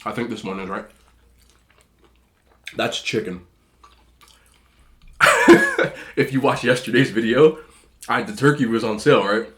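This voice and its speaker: A food vlogger eats on camera and chats in a rambling, casual mukbang style, talking between bites. His voice is a man's, medium-pitched and slightly nasal, at a moderate pace broken up by long pauses.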